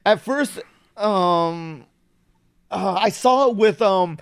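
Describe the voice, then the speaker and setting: A young man in casual chat, relaxed and agreeable. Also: sits high, takes it slowly, clean tone.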